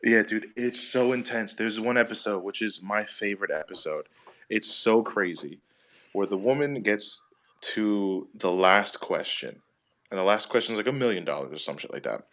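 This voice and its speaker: A man's voice: fairly low pitch, normal speed, fairly bright tone. A man in a casual comedy chat, telling long rambling stories packed with profanity. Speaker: podcast participant.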